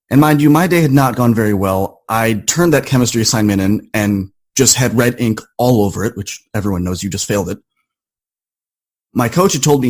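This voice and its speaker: A man guesting on a podcast, telling a personal story in an animated, conversational way. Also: mid-range voice.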